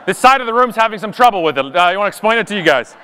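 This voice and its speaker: Man, sharp-witted keynote storyteller, high voice, long reverb of a big hall. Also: lively intonation, rapid-fire, a little hiss or hum. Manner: sarcastic, punchy storytelling. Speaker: conference speaker. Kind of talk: comedic keynote talk. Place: large conference hall.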